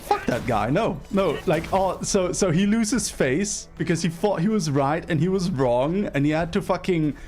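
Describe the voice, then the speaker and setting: Profane, animated male storyteller. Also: a little high, normal speed, hardly any pauses, faint music behind. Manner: animated, profane, emphatic, mocking. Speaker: streamer telling a story. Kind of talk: casual storytelling on a livestream.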